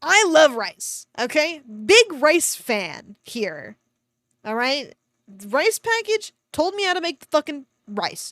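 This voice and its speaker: Sarcastic woman streamer, lively high voice. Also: takes it slowly, dry recording. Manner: sarcastic, swears freely, laughs often. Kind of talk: reading a fan story aloud with mocking commentary.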